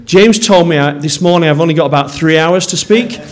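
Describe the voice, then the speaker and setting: A man's voice: on the high side, brisk. A man with a Yorkshire accent, a pastor speaking to a congregation in a sermon, friendly and self-deprecating with some hesitations.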